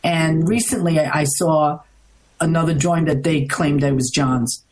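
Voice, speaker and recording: A middle-aged woman from the United States, a guest in an interview, telling a story in an animated, rambling way, restarting often. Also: low-pitched, moderate pace, poor audio. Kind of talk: casual storytelling.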